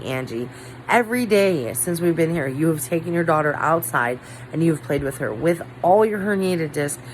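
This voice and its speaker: A woman's voice: mid-range voice, a little hiss or hum, rough recording. A woman vlogging at home into her camera, a mother chatting casually and rambling with lots of "like" fillers. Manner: rambling, heavy use of "like" fillers.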